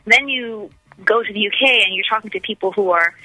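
A woman's voice: medium pitch, brisk, sharp tone, no echo, soft background music, poor audio. A woman from the United States, a musician guest on a radio interview, talking in an enthusiastic, gushing way with lots of restarts. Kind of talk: casual radio interview chat.

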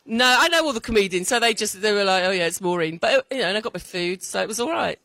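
A woman's voice: medium pitch, lively intonation, quick pace, creaky, a bit bright, dry recording, poor audio. A middle-aged woman stand-up comedian chatting in an interview, laughing often. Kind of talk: casual interview. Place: outdoor festival.

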